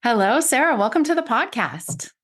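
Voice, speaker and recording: A woman's voice: a little high, very animated, moderate pace, fairly bright tone, faint music behind. A woman hosting a podcast, chatty and upbeat, laughing easily. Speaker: podcast host. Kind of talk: casual podcast chat.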